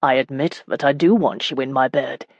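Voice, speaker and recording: A woman narrator voicing a hot-tempered English nobleman in an audiobook, speaking bluntly and forcefully. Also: very deep voice, normal speed, no room sound, highs cut off.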